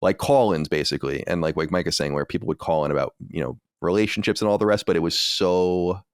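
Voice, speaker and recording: A man hosting a podcast, chatting casually, excitable, with stammering restarts and laughter. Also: low voice, quick pace, clean tone, dry recording, clean studio sound. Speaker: podcast host. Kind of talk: casual chat.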